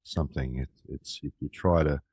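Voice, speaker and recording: A man's voice: a bass voice, fairly even intonation, normal speed, darkish tone, no echo. A middle-aged Australian man in casual conversation, talking reflectively and loosely with many restarts. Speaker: musician guest and co-host.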